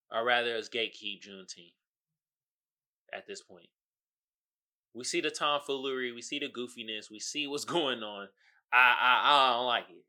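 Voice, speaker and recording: A man hosting a casual comedic commentary show, speaking, animated with loud outbursts and laughing asides. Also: medium pitch. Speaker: podcast host.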